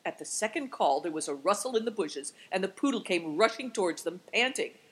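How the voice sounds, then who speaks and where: A woman reads a story aloud with an expressive, lively voice. Her pitch swings widely as she tells it. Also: fairly quick, slightly rough, rough recording. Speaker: narrator.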